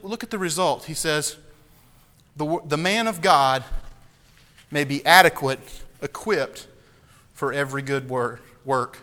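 A man preaching a sermon, emphatic, repeating key phrases and slowing down to stress them. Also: high voice, bright, forceful tone, long reverb tail.

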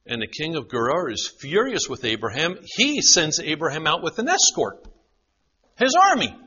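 A man preaches with a high, lively voice that swoops between ringing emphasis and near-whispers. His tone is bright yet husky. The recording sounds dull and lo-fi. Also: moderate pace. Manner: dramatic, drops to a hush for quoted lines. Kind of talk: sermon.

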